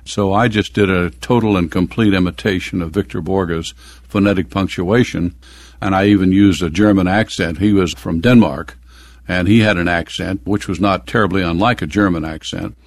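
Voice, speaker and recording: A man's voice: low voice, steady tone, moderate pace. An older man from the American Midwest telling stories from his youth in an oral history interview, chuckling now and then.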